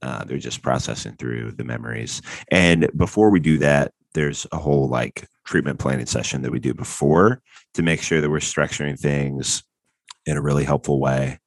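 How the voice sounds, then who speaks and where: A man's voice: a bass voice, moderate pace, no room sound. A man co-hosting a podcast in casual chat, laid-back and joking, a bit stuffy from allergies. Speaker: podcast co-host and therapist.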